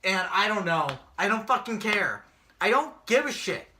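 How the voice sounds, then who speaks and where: A young man with an unusually high, piercing voice rants about wrestling on a casual podcast. His pitch swings widely as he curses and bursts into shouts, with a sharp, bright edge. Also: lively intonation, moderate pace, slight background noise. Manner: ranting, profane, shouts when angry. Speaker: podcast co-host. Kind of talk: casual wrestling predictions chat.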